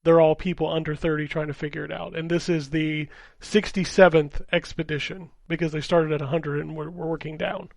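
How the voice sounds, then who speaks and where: A man with a slightly higher voice in a laid-back gaming podcast, talking casually and swearing freely as he walks through a plot. The sound is close and dry. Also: little pitch movement, a little fast, gravelly, few pauses, a little mellow, no echo. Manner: casual, profane, explains plots plainly. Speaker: podcast co-host.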